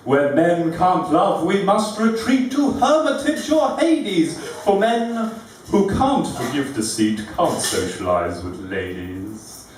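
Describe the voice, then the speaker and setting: A man performing his own rhyming poems at a live event, with a rhythmic, deliberate and witty delivery. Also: high-pitched, animated, distant mic, slight background noise. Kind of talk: rhyming poetry recitation. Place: live venue room. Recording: very echoey room, recorded from afar.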